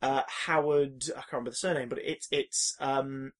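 Man, podcast co-host, casual film chat, animated, swears a lot, acts out reactions. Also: medium pitch, normal speed.

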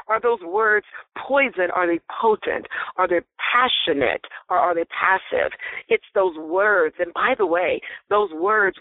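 A woman guest explaining body language in an interview, speaking in an animated, emphatic, teacherly way. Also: on the low side, no echo. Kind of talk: interview on a phone call. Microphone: phone. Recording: tinny phone line, dry.

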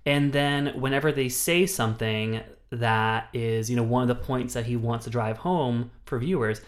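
A man co-hosting a casual film-review podcast, talking in an animated, profane way and slipping into mocking mimicry. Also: mid-range voice, normal speed. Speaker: podcast co-host.

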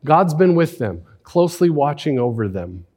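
A man's voice: on the high side, sing-song, moderate pace, a little mellow. A man preaching a sermon as pastor, conversational, often asking rhetorical questions and adding "right?".

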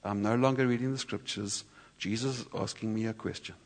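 A man sharing a personal sermon testimony in a church, conversational and halting, with many restarts. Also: fairly low pitch, steady tone. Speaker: church speaker. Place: church hall. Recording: reverberant church hall.

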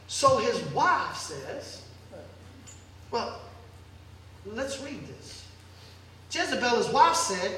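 A pastor preaching a sermon in a church hall, telling the story in a lively, joking way. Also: male voice, very high-pitched, slow pace, pauses often, a little hiss or hum. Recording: echoey hall, distant mic.

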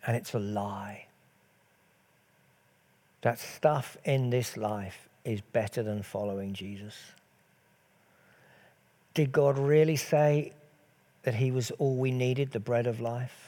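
A man's voice: medium pitch, fairly even intonation, slow, long pauses, mellow. A man preaching a sermon earnestly, asking rhetorical questions and letting his voice swell and drop.

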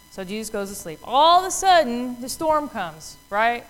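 A woman's voice: fairly high pitch, animated, moderate pace, in a large hall, soft background music, rough recording. A woman giving a casual Bible talk, telling the story in a chatty way with many fillers and acting out the voices of the people in it. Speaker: Bible teacher.

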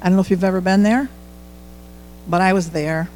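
A man's voice: high voice, fairly even intonation, a little fast, a little mellow, soft background music, rough recording. A middle-aged man giving a candid, conversational testimony in church, often quoting his own prayers aloud. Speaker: church speaker sharing testimony. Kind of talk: informal sermon testimony.

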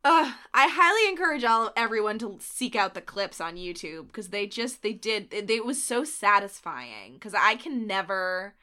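A young woman co-hosting a podcast, excitedly recapping a reality show in casual chat, with lots of "like". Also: mid-range voice, moderate pace, hardly any pauses. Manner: excited, gushing, heavy use of "like". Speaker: podcast co-host.

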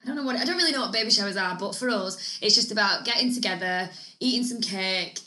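A woman's voice: mid-range voice, fast talker, pushed and bright, roomy sound. A woman co-hosting a business podcast in casual, rambling, playful chat. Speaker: podcast co-host.

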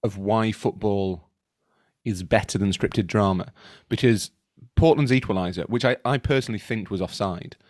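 A man's voice: fairly low pitch, normal speed, a little mellow, dry recording, clean studio sound. A man co-hosting a podcast, chatting casually with many restarts and tangents. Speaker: podcast co-host. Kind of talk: casual chat.

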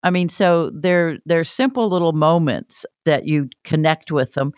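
A podcast host leads a relaxed conversation, often pausing to reflect on the guest's points and sum them up. The voice sits at a middle pitch and sounds dry and close to the mic. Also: clean tone, no room sound.

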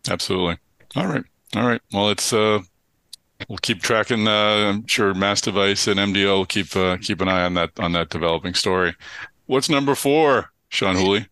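A man's voice: on the low side, normal speed, a bit bright, clear, resonant tone, no echo. A man hosting a podcast, loose and jokey as he moves between guests and segments. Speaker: podcast host.

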